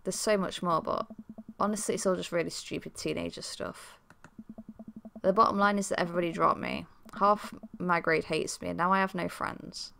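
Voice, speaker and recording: A woman voicing a sad teenage girl who confides in her dad, talking in a rambling, hurt, rushed way. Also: on the low side, steady tone, creaky, sharp tone, a little hiss or hum.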